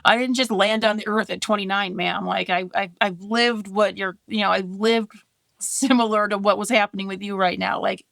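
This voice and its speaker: A woman's voice: mid-range voice, steady tone, normal speed, vocal fry, fairly bright tone, no echo. A woman in her thirties co-hosting a casual podcast chat, candid and chatty, laughing often. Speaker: podcast co-host.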